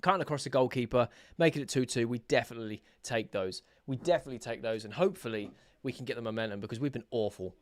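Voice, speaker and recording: A young man hosting a live football watch-along, chatting casually with his viewers, excitable and sarcastic, shouting when his team scores. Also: medium pitch, quick pace, few pauses, no room sound. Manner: excitable, bursts into shouts at goals, sarcastic banter with chat. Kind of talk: live match reaction chat.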